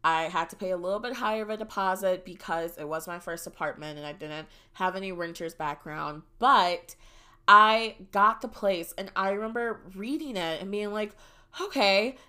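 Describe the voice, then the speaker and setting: A young woman hosts her own podcast and tells a story in a loose, chatty way. Her voice is bright and sits in a middle register. She talks dramatically and shoots up into shrieks when she acts out big moments. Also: mid-range voice, moderate pace. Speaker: podcast host. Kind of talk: casual storytelling monologue.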